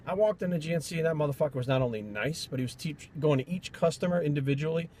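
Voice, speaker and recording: A man's voice: fairly high pitch, quick pace, a little mellow, slight background noise. A man from Rhode Island, a fitness trainer, telling stories in a blunt, profane, rambling vlog rant.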